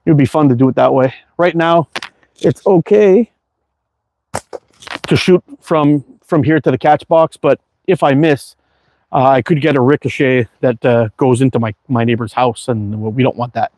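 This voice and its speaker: A man's voice: mid-range voice, steady tone, normal speed, a little mellow, dry recording. Tired, easygoing man hosting a live chat. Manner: easygoing, rambling, many fillers and restarts. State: tired, worn out. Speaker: livestream host reading viewer chat. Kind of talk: casual live chat while target shooting.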